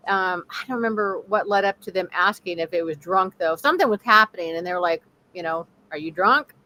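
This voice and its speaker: A woman's voice: fairly low pitch, fast talker, bright, forceful tone, low-quality recording. A middle-aged woman co-hosting a paranormal talk show over a video call, chatty and supportive. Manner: chatty, supportive with frequent affirmations. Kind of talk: casual conversation.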